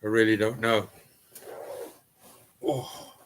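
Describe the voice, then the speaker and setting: A man's voice: lowish voice, little pitch movement, takes it slowly, fairly bright tone, a little hiss or hum. A middle-aged man with an East Cornish accent hosts a live stream from his home cellar. He chats casually and rambles, reading out viewer comments. His talk is full of ums and restarts.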